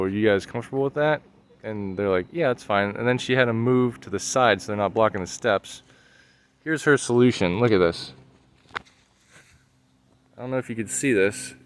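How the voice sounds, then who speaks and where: A man's voice: lowish voice, moderate pace, smooth, no echo. A man vlogging a casual, exasperated rant to camera, full of fillers and restarts.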